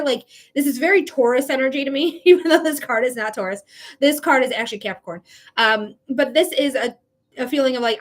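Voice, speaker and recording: A woman's voice: high voice, a little fast, a bit bright. A young woman doing a live-stream tarot reading, chatty and casual, swearing freely, laughing often and talking straight to her viewers. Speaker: psychic tarot reader.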